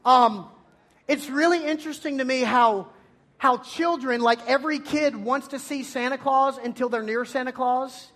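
A man preaches to a room of teenagers, his voice sitting very high for a man. He tells stories playfully and breaks into loud bursts. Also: normal speed. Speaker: high school youth pastor. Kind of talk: energetic youth sermon.

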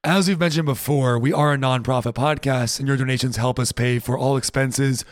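An easygoing man co-hosting a casual podcast, tossing in quick agreeing remarks as he talks. His voice sits in a middle pitch, and the recording is dry and close. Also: fairly even intonation, no echo. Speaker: podcast co-host. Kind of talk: casual chat.

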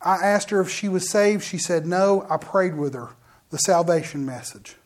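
Speaking at a moderate pace in a mid-range voice, this middle-aged minister shares a testimony during a sermon. Sentences frequently break off and begin again, and asides are aimed directly at the congregation in a lively telling.

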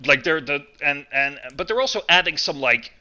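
A man chatting casually on a podcast with a very bright, sharp-edged voice. He rambles, piles up fillers, and restarts his sentences often. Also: normal speed, highs cut off. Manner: rambling, many fillers and restarts, lively swings in pitch. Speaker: podcast co-host. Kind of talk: casual chat.

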